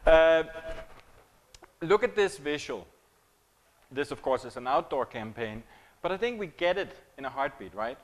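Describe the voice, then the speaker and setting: A man delivers a keynote on marketing at a conference, speaking conversationally, posing questions to the audience and cracking jokes. His voice is a little high and animated, his pace unhurried with long pauses. The recording is rough.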